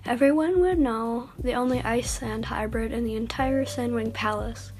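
A woman reads her own fan story aloud on her channel with a fairly high voice. Her reading is casual and unpolished, with slips and self-corrections along the way. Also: normal speed, darkish tone.

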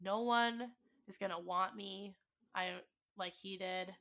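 Bright-voiced woman telling a raw breakup story. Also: medium pitch, steady tone, slow. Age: 20s. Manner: emotional, swearing, quoting dialogue with rising intensity. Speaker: podcast host. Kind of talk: personal storytelling.

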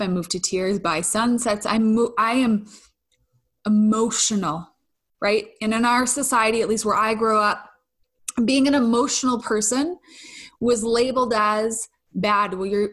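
A woman hosts a casual solo podcast in an open, emotionally expressive way. She speaks at a middling pitch, swears now and then, sighs and laughs between thoughts, and often restarts her sentences. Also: measured pace. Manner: candid, effusive, swears casually, trails off and restarts. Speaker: podcast host.

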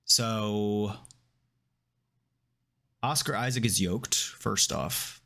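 A man's voice: fairly low pitch, very slow, creaky. Casual man recapping a TV episode. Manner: relaxed, rambling recap with filler words. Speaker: podcast co-host. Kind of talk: casual chat breaking down a TV episode.

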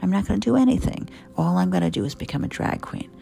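A woman putting on a whiny child who rattles off grand refusals at speed. The delivery is dramatic and mocking in a gravelly voice, with guitar music clearly behind. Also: medium pitch, expressive, quick pace, warm tone, voice pushed up.

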